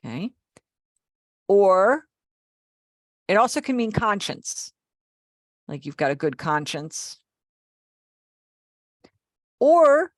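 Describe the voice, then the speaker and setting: A middle-aged sign language teacher leads a live online class, explaining patiently and checking in with her students. Her voice is low-pitched, and the audio is clean studio sound with no room sound.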